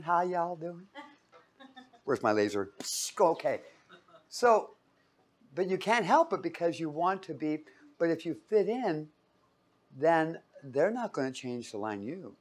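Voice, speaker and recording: In a room with a whiteboard, a man with a slightly high voice leads an informal Bible teaching. He's casual and joking, frequently throwing questions to his listeners.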